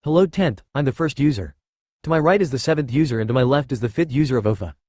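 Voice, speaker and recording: A man reading the lines of a calm male spirit mentor in a flat, quick storybook voice. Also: medium pitch, dry recording, clean studio sound, lightly acted.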